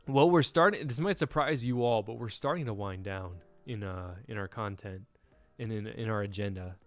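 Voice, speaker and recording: A man's voice: on the low side, normal speed, no echo. Man, podcast host, laid-back, casual livestream chat, dry close sound, faint background music. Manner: laid-back, reads viewer comments.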